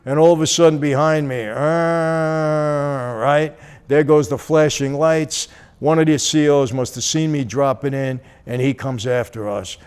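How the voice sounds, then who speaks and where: A man casually telling a personal story, animated and acting out the dialogue as he goes. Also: a little high, a little slow, clean tone. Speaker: channel host.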